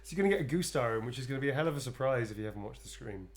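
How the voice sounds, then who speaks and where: A man's voice: medium pitch, expressive, rapid-fire, a little hiss or hum. A tired man chatting casually on a livestream, rambling and playful, calling viewers darlings as he draws. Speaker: actor drawing requested sketches for viewers.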